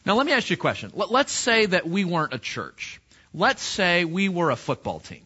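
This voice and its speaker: A male pastor delivers a sermon in a conversational way, asking his listeners rhetorical questions. His voice sits high and sounds bright and forceful. The recording is dull and lo-fi. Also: very animated, moderate pace, slightly rough.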